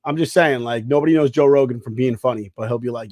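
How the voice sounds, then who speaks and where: A man's voice: medium pitch, fast, a little mellow, no room sound, studio quality. A man co-hosting a casual podcast, arguing insistently with long examples. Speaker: podcast co-host. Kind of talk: casual argumentative chat.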